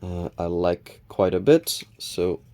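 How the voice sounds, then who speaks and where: A man hosting a casual unboxing video, calmly counting cards and reading their names aloud with small self-corrections. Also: sits low, slow pace. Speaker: channel host opening card packs.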